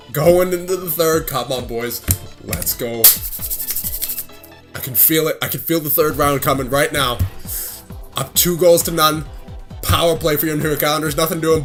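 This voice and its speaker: A young man giving casual, excitable play-by-play commentary over his own hockey video game, laughing along as he plays. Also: fairly high pitch. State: out of breath at times. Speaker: gaming video creator.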